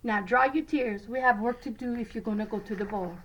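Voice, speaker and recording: A woman voicing a brisk fairy godmother who chants spells, in a storybook read-aloud. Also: fairly high pitch, close to an everyday voice.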